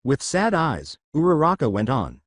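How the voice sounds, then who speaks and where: A man narrating a fan fiction story aloud in a steady storytelling manner. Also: a little high, normal speed, dry recording, studio quality.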